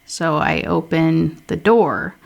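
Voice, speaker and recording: A woman's voice: sits low, gravelly. A young woman reviewing a book, reading passages aloud with casual asides in between. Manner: brisk reading, casual asides, slips into character voices.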